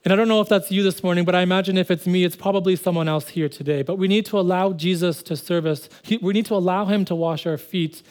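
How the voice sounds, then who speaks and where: A man's voice: high voice, fairly even intonation, fast, few pauses, darkish tone. A man preaching a sermon in an earnest way, repeating phrases for emphasis and now and then speeding up. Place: church service.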